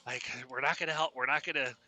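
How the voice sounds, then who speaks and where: A man voicing a young woman who keeps calming her scared friend, speaking soothingly and repeating herself. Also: mid-range voice, quick pace. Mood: urging.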